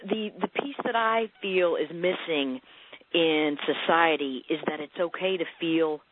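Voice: mid-range voice, unhurried, slight background noise. A counselor for teens and parents, talking earnestly as a guest in a radio interview and often repeating words while explaining with client examples. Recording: phone-like narrow radio line.

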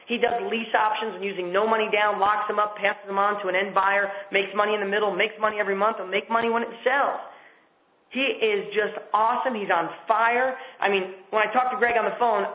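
Fast-talking high-voiced man on a phone line. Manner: fast, enthusiastic, salesy. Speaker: host of a coaching call. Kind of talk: motivational sales pitch on a conference call. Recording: tinny phone line with echo.

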